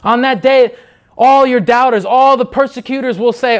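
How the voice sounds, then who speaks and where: Man, preacher, high voice, fervent unscripted sermon, repeats himself, mimics other people briefly. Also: fairly even intonation, normal speed.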